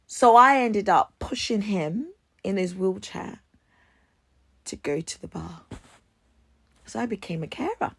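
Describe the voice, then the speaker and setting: Woman, slow delivery, casual storytelling, dramatic, swears a lot. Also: mid-range voice, lively intonation, gravelly, slightly rough. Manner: dramatic, acts out her own reactions, swears freely. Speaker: vlogger telling dating stories.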